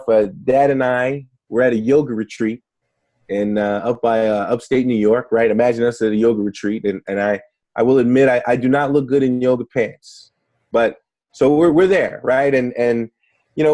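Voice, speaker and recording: Mellow-voiced man telling stories. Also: medium pitch. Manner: chatty, many fillers and restarts. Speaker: negotiation trainer, guest. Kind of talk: casual interview storytelling.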